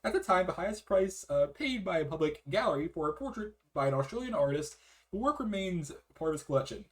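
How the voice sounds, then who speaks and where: Lively, chatty man co-hosting. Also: high-pitched, fast talker. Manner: animated, swears, trails off mid-sentence. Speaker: co-host reading art history. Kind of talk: casual podcast chat, reading aloud.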